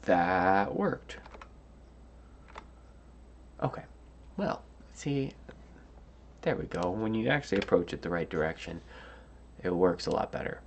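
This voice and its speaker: Low slow gravelly guy mumbling thru a coding challenge, kinda tired, faint typing behind. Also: expressive, slight background noise. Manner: musing, hesitant, many fillers and restarts. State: tired, yawning. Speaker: coding tutorial host. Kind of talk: thinking-aloud coding walkthrough.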